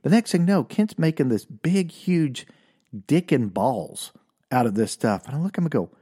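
A middle-aged man, telling a comic personal story in an animated way and laughing at his own punchlines. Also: on the high side, moderate pace, husky.

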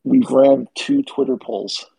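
A man's voice: medium pitch, very animated, takes it slowly, creaky, dark tone, slightly rough, no room sound, poor audio. A man co-hosting a casual sports podcast, opinionated and teasing his co-host.

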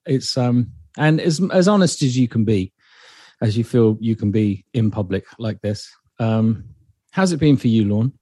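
Host guy asking soft thoughtful questions, dry close sound. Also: medium pitch, no echo. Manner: gentle, probing questioner. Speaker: podcast host. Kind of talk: casual interview chat.

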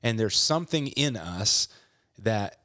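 A man talking earnestly about faith, reading a passage aloud and then reflecting on it in measured phrases. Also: fairly low pitch, expressive, sharp tone, no echo, studio quality. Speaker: podcast co-host. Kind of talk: faith-based reflective talk.

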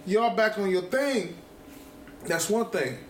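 A man co-hosting a casual podcast chat, telling points with animated laughter. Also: high voice, slow pace, roomy sound, a little hiss or hum. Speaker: podcast co-host.

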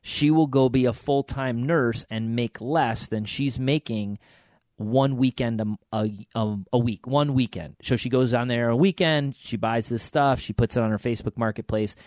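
A man's voice: mid-range voice, normal speed, a little mellow, dry recording. A middle-aged man co-hosting a podcast, telling stories and giving encouraging advice in a casual way with frequent restarts.

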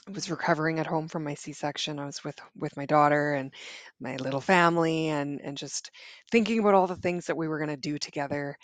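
A woman tells a personal story as an interview guest, her voice gravelly with steady vocal fry. She speaks haltingly, restarting phrases, and the recording is close and dry with no room sound. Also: sits low, no room sound. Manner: halting, frequent restarts and fillers.

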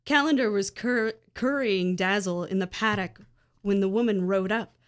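A woman reading a chapter of a story aloud to friends in steady, plain narration, with small stumbles. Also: medium pitch, moderate pace. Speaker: reader in a group read-aloud.

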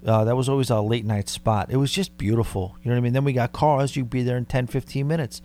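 A man's voice: mid-range voice, fairly even intonation, quick pace, a little mellow. A man in his thirties with a Long Island New York accent, hosting a podcast and telling stories in a rambling, conversational way. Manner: rambling, conversational, dare-I-say asides. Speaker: podcast host. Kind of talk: casual storytelling.

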